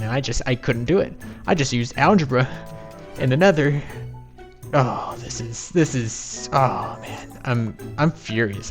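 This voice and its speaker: Exasperated man doing game commentary. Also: mid-range voice. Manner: exasperated, self-mocking rambling. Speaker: video game let's-play host. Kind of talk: casual gameplay commentary.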